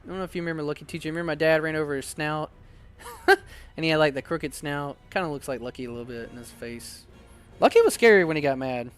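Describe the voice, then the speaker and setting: A man hosting a casual card-opening video, chatting excitably and reading card text aloud. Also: a little high, fast, soft background music. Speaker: card-opening channel host. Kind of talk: casual unboxing chat.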